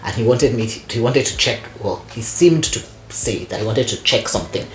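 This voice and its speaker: A woman guest telling stories in casual conversation, animated and laughing often, with lots of "you know" fillers. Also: very deep voice, a little fast, a little hiss or hum. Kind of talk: conversational storytelling. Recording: echoey room.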